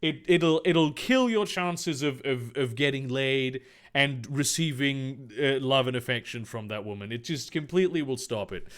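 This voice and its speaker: A man's voice: mid-range voice, moderate pace, fairly bright tone. A man reading a fan fiction aloud in a comedic read-through, with sarcastic, mocking asides and frequent stumbles.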